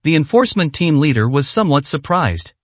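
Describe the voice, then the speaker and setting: A man narrating a story in an audiobook with expressive delivery. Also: on the high side, brisk, dry recording. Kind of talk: scripted narration.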